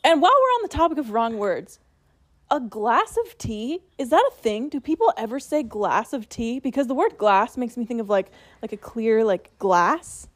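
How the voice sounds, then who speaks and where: A woman's voice: on the high side, lively intonation. A woman co-hosting a podcast in casual chat, talkative and laughing easily. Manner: chatty, laughs often, quick asides. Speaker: podcast co-host.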